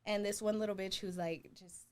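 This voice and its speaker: A woman's voice: medium pitch, moderate pace, smooth. A young woman telling a story in casual chat, laughing often and acting out what others said. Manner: animated, laughing often, acting out quoted voices.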